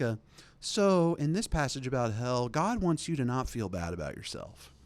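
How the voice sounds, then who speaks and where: A man's voice: medium pitch, no room sound. Man telling a rambling casual story. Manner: rambling, animated retelling with quoted voices. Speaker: podcast host.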